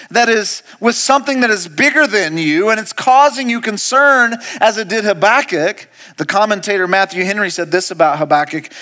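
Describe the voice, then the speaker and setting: A male pastor preaching a sermon. He speaks straight to the congregation, moving from hushed, slow lines to loud, repeated commands. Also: high voice. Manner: speaks to the congregation directly, asking questions and calling out to them.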